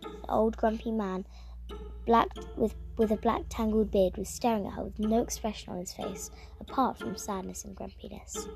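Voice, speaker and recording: A woman reads a story aloud with a gravelly fry in her voice. She stumbles and restarts words now and then. Music plays clearly behind her. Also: mid-range voice, steady tone. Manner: halting, with frequent restarts.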